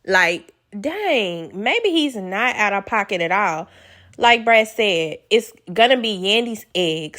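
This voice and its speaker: A woman recapping a reality show in a casual, blunt, animated way, swearing freely and acting out quotes. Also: medium pitch. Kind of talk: casual chat.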